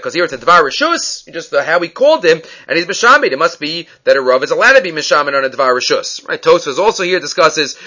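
Guy teaching talmud, high bright voice, kinda dull lo-fi sound, reads the text then explains. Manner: reads Aramaic text then explains it in English, animated and questioning. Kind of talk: daily Talmud page lesson. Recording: dull lo-fi recording.

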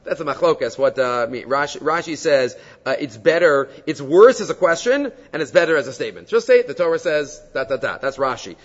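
A man with a somewhat high voice teaches a Talmud class, talking in an animated way and weaving in Hebrew and Aramaic terms. The recording is dull and muffled. His voice carries a long reverb, as in a large hall. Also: brisk, hardly any pauses.

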